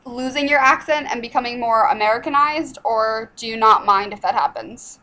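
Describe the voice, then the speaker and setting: A woman's voice: on the high side, normal speed, sharp tone, rough recording. Woman asking rambling interview questions.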